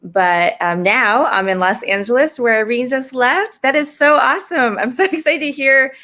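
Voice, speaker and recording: A woman's voice: high voice, moderate pace. A reverend from New Jersey and Boston, a woman, talking enthusiastically as a returning panel guest. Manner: warm, enthusiastic, laughs easily. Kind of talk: casual online panel conversation.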